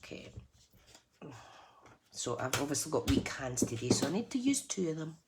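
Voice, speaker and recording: Chatty low-voiced woman crafting. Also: big pitch swings, normal speed, heavy background noise. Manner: chatty, self-deprecating, laughs often. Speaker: craft channel host. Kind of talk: live crafting tutorial chat.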